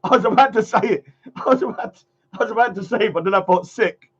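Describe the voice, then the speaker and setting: A man's voice: sits high, quick pace, slightly rough. A man hosting a casual livestream chat, rambling, laughing often and trailing off mid-sentence. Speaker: livestream host. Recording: dull lo-fi stream audio.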